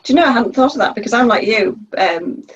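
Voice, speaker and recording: A woman with a strong Yorkshire accent, talking quickly in a casual chat and laughing often. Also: fairly high pitch, lively intonation, slightly rough, highs cut off. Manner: quick-talking, laughs often, warm back-channel replies.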